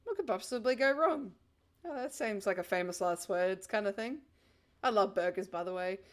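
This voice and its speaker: A woman, playing a game and reading its text aloud between excitable, swearing reactions, with faint game music behind. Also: medium pitch, normal speed. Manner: excitable, giggly, swears often. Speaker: gamer.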